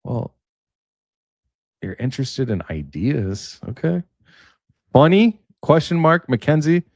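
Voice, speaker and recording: A man's voice: mid-range voice, big pitch swings, slow, darkish tone, dry recording, studio quality. A man hosting a casual commentary show, chatty, reading articles aloud with joking asides. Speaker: political commentary host.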